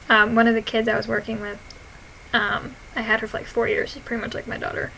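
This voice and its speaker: A young woman vlogger casually reading out her own posts, giggling, swearing and retelling stories in an animated way. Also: a little high, a little fast, creaky, a little hiss or hum, poor audio.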